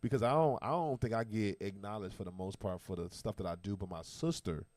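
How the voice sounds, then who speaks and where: A man's voice: on the low side, a little fast, no echo. A man hosting a casual talk show, telling stories with emphatic, slang-filled delivery. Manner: animated, emphatic storytelling with slang. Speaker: podcast host. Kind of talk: casual chat.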